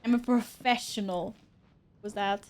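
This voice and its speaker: A young adult woman streaming a game live, reacting out loud, swearing and exclaiming as things happen. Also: medium pitch, steady tone, measured pace. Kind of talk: live gameplay commentary.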